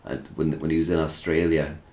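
A man's voice: rumbling low, level tone, fairly quick, darkish tone. A man in casual chat, laughing often and acting out quotes as he tells stories.

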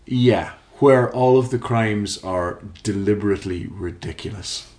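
A man's voice: lowish voice, unhurried, darkish tone, a little hiss or hum. A man in casual podcast chat, rambling, swearing and laughing often.

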